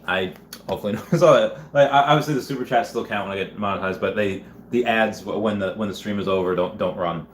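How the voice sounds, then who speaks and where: Male streamer, lowish voice, loose rambling chat, echoey room. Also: quick pace. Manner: rambling, chatty, frequent restarts and laughs. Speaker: livestream host reading viewer chats. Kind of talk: casual livestream chat. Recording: echoey room with faint background noise.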